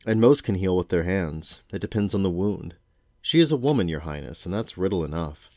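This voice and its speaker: A man reads the part of a practical woman cook from a storybook. She speaks mildly and plainly. The voice stays deep. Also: lively intonation, a little fast, darkish tone, no room sound, clean studio sound. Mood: matter-of-fact. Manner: mild, matter-of-fact.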